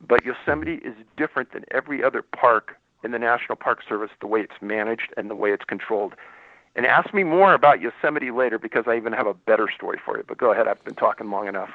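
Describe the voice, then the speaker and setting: A man's voice: mid-range voice, fast, no room sound. Man telling a story over a phone line. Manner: acts out dialogue while telling a story. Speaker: guest, former law enforcement investigator. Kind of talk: storytelling in a radio interview. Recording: dry, tinny phone line.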